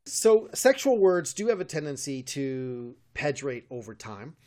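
Recorded on a studio microphone, a US-born medievalist co-hosting a relaxed podcast speaks in a medium-pitched, sing-song voice with a darkish tone, unhurried. He gives long explanations, stumbling through fillers and restarts and chuckling often.

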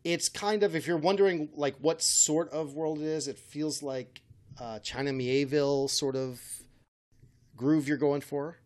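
A man's voice: fairly high pitch, fairly even intonation, a little slow, a little mellow. A man hosting a casual chat, rambling and correcting himself with a wry tone. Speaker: podcast host.

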